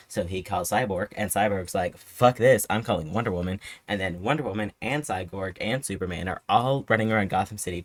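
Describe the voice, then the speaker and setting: A man giving a rapid, profane, sarcastic retelling as a casual film reviewer. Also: lowish voice, no echo. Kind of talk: casual commentary.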